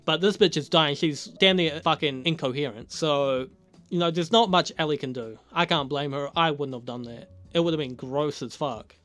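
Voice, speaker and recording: A man's voice: on the high side, moderate pace, faint music behind. A man giving a casual, profane recap of a TV episode, laughing often and acting out lines from the characters. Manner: profane, laughing, animated retelling with acted quotes. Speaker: video reviewer.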